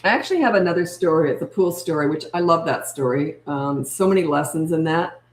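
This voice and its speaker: Chatty older woman, lowish voice, echoey room. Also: brisk. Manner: chatty, emphatic, repeats key points. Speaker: parenting coach. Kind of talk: live-stream Q&A, answering viewer comments.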